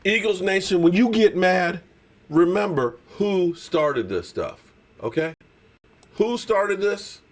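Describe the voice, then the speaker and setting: Hyped guy hosting a live sports stream, voice getting strained, pitch all over the place. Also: animated, slow pace. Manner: loud, fired-up, teasing rival fans.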